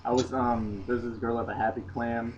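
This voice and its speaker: A man's voice: medium pitch, level tone, moderate pace. A young man hosting a casual late-night podcast, talking loosely with many fillers. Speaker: podcast host. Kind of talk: casual chat. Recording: dull lo-fi recording with faint noise.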